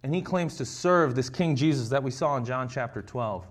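A man's voice: mid-range voice, moderate pace. A man preaching a conversational sermon, reading scripture and acting out the quoted lines.

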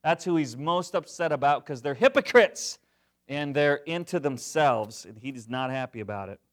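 A middle-aged man preaching a sermon, jokey and animated, swinging from loud to hushed. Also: a little high, moderate pace. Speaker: pastor.

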